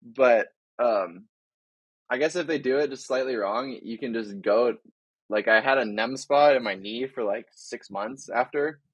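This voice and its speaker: As a podcast guest, this young big wave surfer talks in a relaxed, rambling way full of filler words during a casual interview. He has a husky, mid-range voice, a little slow, recorded lo-fi with no room sound.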